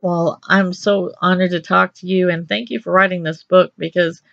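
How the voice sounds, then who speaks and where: Woman, radio host, effusive, rambling, bright gravelly voice, dull lo-fi sound. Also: on the low side, flat delivery, normal speed, dry recording. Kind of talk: radio interview chat.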